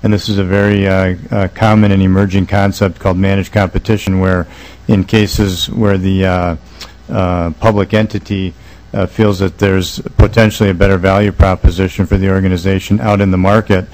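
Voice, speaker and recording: A man with a very deep voice speaks in a legislative committee room. His delivery stays level and monotone, earnest and measured, and he stumbles through frequent "uh"s and "um"s as he makes his case. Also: poor audio. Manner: halting, many uh and um fillers. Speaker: state legislator. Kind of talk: committee hearing testimony.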